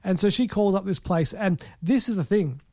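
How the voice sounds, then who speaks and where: A man co-hosts a casual film chat in a high, mellow voice, rambling and restarting often. The sound is dry and close. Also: expressive, no room sound. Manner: rambling, halting with many restarts and fillers. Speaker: podcast co-host.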